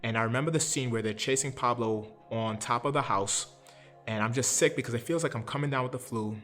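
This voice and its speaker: A man's voice: mid-range voice, a little fast, fairly bright tone, soft background music. A man in his thirties from Brooklyn, earnestly recounting a personal story step by step and acting out what others said. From Brooklyn, New York. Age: 30s. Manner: earnest, recounts events step by step, often acts out other people's words. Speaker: interview guest.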